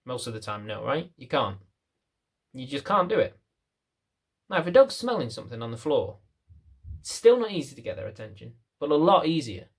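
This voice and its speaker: A man's voice: mid-range voice, sing-song, a little fast, vocal fry, long pauses, slightly rough. A man working as a dog trainer, explaining to camera in a chatty way, repeating phrases and acting out little scenes. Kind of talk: casual explainer talk to camera.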